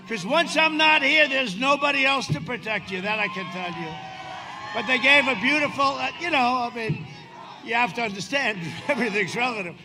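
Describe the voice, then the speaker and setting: A man in his seventies giving a boastful, rambling campaign speech with sarcastic asides at a windy outdoor rally. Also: very high-pitched. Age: 70s. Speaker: politician addressing a rally.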